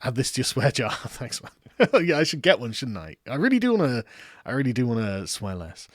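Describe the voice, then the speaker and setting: In a clean studio recording with no room sound, a young adult Englishman speaks in a mid-range, expressive voice at a moderate pace. He's a political commentary streamer from England with an English accent, reading viewer comments on a casual livestream. His manner is rambling and self-mocking, with frequent laughter and plenty of swearing.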